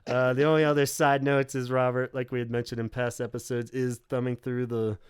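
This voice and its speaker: A man's voice: mid-range voice, little pitch movement, a little fast, clear, resonant tone, dry recording, studio quality. A man hosting a podcast in casual chat, a rambling storyteller who swears freely and acts out quotes. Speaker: podcast host.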